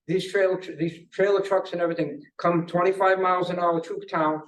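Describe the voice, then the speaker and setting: An older man giving rambling public comment at a hearing, full of anecdotes and halting restarts. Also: high-pitched, fairly even intonation, fairly bright tone, recorded from a distance, poor audio. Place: government conference room.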